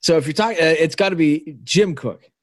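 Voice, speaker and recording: A man's voice: a little high, brisk, no room sound, studio quality. A man taking his turn in a casual trivia game, asking for clarification and thinking aloud before he answers. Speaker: quiz player. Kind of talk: casual banter.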